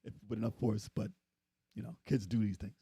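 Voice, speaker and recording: A man's voice: on the low side, flat delivery, a little fast, warm tone, slightly rough, no echo. A man co-hosting a casual gaming podcast, opinionated and sarcastic, often laughing. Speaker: podcast co-host.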